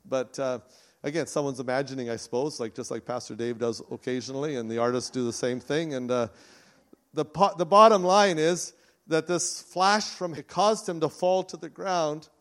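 A man's voice: a little high, moderate pace, a bit bright. Earnest man preaching a sermon. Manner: earnest, with frequent restarts. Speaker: pastor. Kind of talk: conversational sermon.

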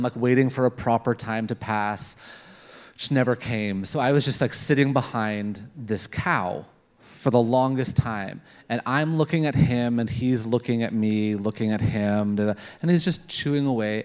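Lively man telling a story. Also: medium pitch. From Canada. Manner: lively comic storyteller, acts out inner dialogue. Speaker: preacher. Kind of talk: humorous sermon storytelling.

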